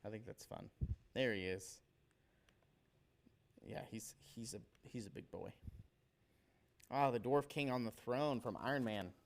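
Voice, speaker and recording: A man's voice: mid-range voice, a little slow, gravelly, pauses often. A man hosting a casual livestream, rambling with enthusiasm and tripping over names as he talks through fan work. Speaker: livestream host showing painted miniatures.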